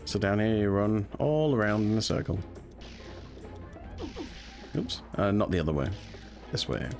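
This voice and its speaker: Streamer, low voice, laid-back speedrun commentary with game music behind. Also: male voice, unhurried. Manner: relaxed, rambling, with frequent ums and uhs. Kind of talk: casual gameplay commentary.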